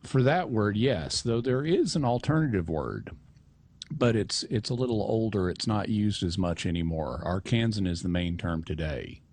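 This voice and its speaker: A man answering questions as a radio show's regular expert, measured and precise with a dry wit. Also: on the low side, animated, a little mellow, no room sound. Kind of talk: explanatory talk-show answers.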